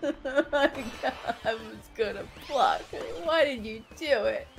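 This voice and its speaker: A woman's voice: on the high side, unhurried, creaky, soft background music. A woman playing on a gaming stream, giggling a lot and playfully flustered as she chats. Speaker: co-player on stream. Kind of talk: casual gaming stream chat.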